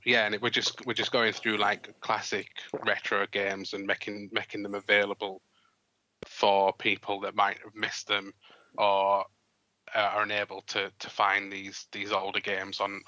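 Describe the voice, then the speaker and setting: A man with a Yorkshire accent chatting on a gaming podcast, repeating words as he goes. His voice is low and bright-edged, with a fairly flat, even tone. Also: poor audio. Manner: relaxed, a little halting, repeats words. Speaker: podcast co-host. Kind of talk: casual podcast chat.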